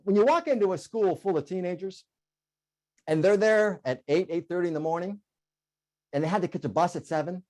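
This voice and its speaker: A middle-aged man delivers a humorous motivational keynote with lively, swooping intonation. He tells stories with playful energy and breaks into short sung bursts and chuckles as he goes. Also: sits high. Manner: animated storyteller, bursts into sung "oh yeah" and laughs. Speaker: keynote speaker.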